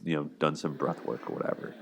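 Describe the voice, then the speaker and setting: A man's voice: very deep voice, steady tone, fast. A man hosting a show, talking through relationship conflicts in a loose, chatty way full of filler words. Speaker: show host analyzing relationships. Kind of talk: casual commentary.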